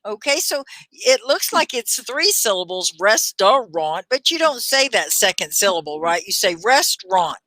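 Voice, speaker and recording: A woman hosting a live online English class, upbeat and encouraging, laughing often and repeating words slowly and clearly. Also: mid-range voice, sing-song, bright, forceful tone, dry recording, rough recording. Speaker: ESL teacher and livestream host.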